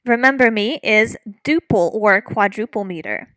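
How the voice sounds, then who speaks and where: A woman's voice: medium pitch, moderate pace, fairly bright tone, clean tone, no echo, poor audio. A woman teaching a recorded music lecture, explaining patiently with frequent fillers. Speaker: music instructor.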